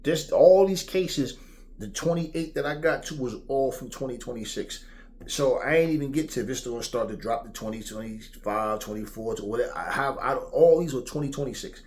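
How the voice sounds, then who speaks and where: A man's voice: mid-range voice, moderate pace. Profane, rambling middle-aged man. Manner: profane, rambling, animated, slips into impressions. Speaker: vlog host. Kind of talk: opinionated rant.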